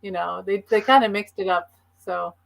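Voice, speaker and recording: A woman's voice: medium pitch, steady tone, normal speed, creaky, rough recording. A middle-aged woman hosting a casual live video-call chat, talking eagerly and chattily. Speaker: host.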